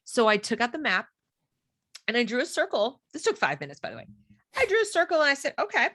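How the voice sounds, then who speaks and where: A woman's voice: on the high side, fast talker, no echo, studio quality. A middle-aged woman telling a story in casual conversation, acting out the voices of the people she quotes. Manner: animated, acts out quoted dialogue. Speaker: podcast guest.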